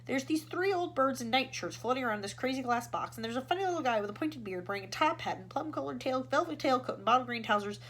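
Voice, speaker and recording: A woman's voice: sits high, expressive, fast, few pauses, fairly bright tone, slight background noise, voice pushed up. A woman voicing a blunt, folksy male astronaut talking back to his bosses.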